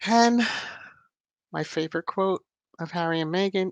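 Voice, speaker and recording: A woman's voice: fairly low pitch, normal speed, pauses often, no echo. A woman hosting a casual livestream, chatting with viewers, greeting them by name and laughing often. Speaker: livestream host.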